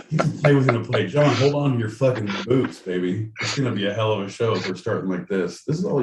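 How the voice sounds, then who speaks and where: A man's voice: medium pitch, distant mic. A man co-hosting a podcast in casual chat, rambling, jokey and profane. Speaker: podcast co-host. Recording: roomy sound, off-mic, faint noise.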